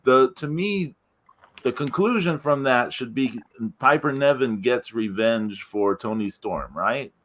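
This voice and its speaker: A man's voice: medium pitch, unhurried, fairly bright tone. Rambling podcast host, a man. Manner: rambling, many fillers and restarts. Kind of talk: casual chat.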